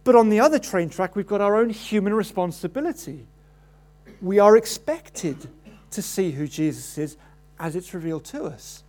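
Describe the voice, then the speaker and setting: Male preacher, animated sermon delivery, voices the story's people. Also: normal speed. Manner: animated, acts out quoted voices with rising pitch.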